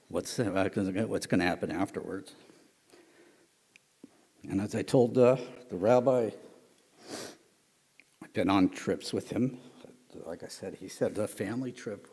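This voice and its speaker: Guy talking real slow with lots of uhs, low raspy voice, echoey hall. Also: lively intonation, a little mellow. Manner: slow and halting, with many fillers. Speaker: volunteer mission member. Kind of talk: short personal remarks. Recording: hall reverb.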